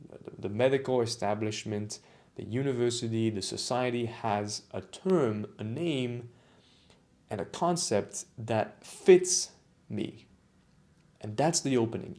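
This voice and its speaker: This autistic-culture vlogger speaks in a mid-range, darkish voice during a reflective personal monologue to camera. He frequently starts over, repeats himself and shows flashes of emotion while recounting his own experience.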